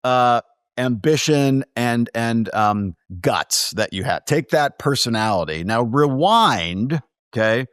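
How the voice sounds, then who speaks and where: Man telling lively producer anecdotes. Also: medium pitch, slow, clear, resonant tone, no room sound, studio quality. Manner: animated anecdotes with quoted dialogue. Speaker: film producer, guest. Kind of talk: casual storytelling interview.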